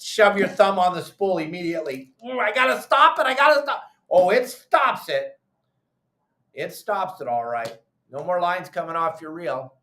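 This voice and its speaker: Emphatic middle-aged male host, fairly high voice, hammers points home, roomy echo. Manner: animated, emphatic, repeats instructions. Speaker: fishing show host. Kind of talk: call-in fishing advice show. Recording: echoey room.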